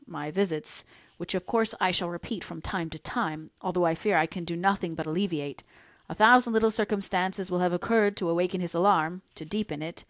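A woman voicing a kindly older male doctor in an audiobook reading, speaking in a gentle, fatherly way. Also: lowish voice, dry recording, clean studio sound, lightly acted. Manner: soothing, fatherly.

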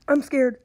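A woman commentating her own gameplay for viewers, reacting in a jumpy, excitable way and talking straight to them. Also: a little hiss or hum, low-quality recording. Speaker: gaming video host.

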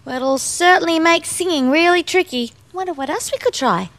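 A woman's voice: very high voice, brisk, a bit bright, no echo. A woman presenting a children's TV sketch, cheerful and bouncy, explaining things to the others. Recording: music playing behind.

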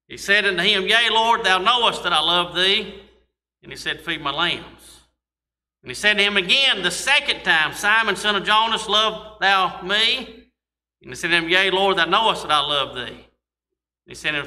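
Pastor, male, folksy sermon delivery, tense bright voice. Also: a little high. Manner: folksy preaching with scripture reading and asides. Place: church sanctuary. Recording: long church reverb.

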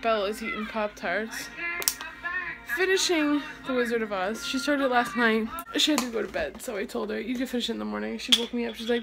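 A woman's voice: a little high, fairly quick, vocal fry, music in the background. A young woman chatting casually in a home vlog as a mom, talking through her day with her kids nearby. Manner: chatty, talks to kids between remarks. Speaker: vlogger mom. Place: home, indoors.

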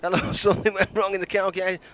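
A man's voice: high-pitched, flat delivery, very fast, fairly bright tone, lo-fi sound. A man doing live commentary on a game he is playing, thinking aloud and joking at his own mistakes. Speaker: game streamer.

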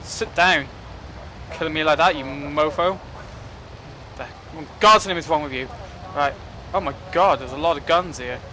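A young man with a fairly high, bright, edgy voice talks through a game as he plays it. His commentary is casual and excitable, full of jokes and curses aimed at the game. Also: unhurried, a little hiss or hum. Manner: excitable, joking and cursing at the game. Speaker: gaming commentator.

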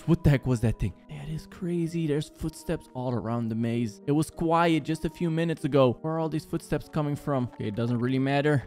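A man's voice: a little high, a little fast, few pauses, a little mellow. A young man in gaming commentary, talking to viewers and getting panicky as he runs through a maze. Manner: jumpy, panicky, talks to viewers as guys. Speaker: gaming YouTuber. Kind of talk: horror game commentary. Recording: game music behind.

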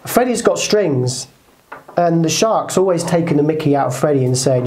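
A man co-hosting a casual motivational chat, telling stories in an animated way and putting on voices. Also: a little high, normal speed. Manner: animated storyteller, puts on voices. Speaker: co-host. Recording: roomy echo.

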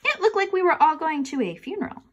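Animated woman reading a children's book. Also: very high-pitched, fast, a little hiss or hum. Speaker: reader.

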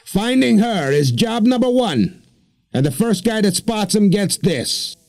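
A man putting on a high, coaxing preacher villain. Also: very animated, a little slow, a little mellow, no echo, studio quality, exaggerated voice. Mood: seductive. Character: fiery male preacher villain, crowd-rousing.

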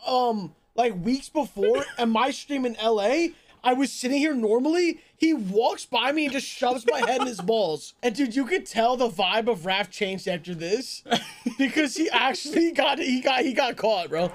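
A young man with a very high voice tells a story to friends in a loose, laughing reaction chat. He talks excitedly and keeps breaking into laughs. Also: normal speed. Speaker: streamer.

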